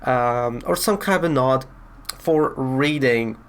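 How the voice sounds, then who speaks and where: A man's voice: medium pitch, slow, clear, resonant tone. A man casually reviewing a comic book, chatty and rambling as he retells the story.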